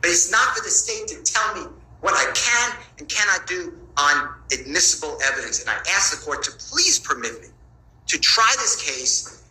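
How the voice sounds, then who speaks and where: A man's voice: sits high, big pitch swings, moderate pace, pushed and bright. Insistent male lawyer in an echoey courtroom. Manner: insistent, pleading, repeats his points. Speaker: defense attorney. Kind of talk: courtroom argument to a judge.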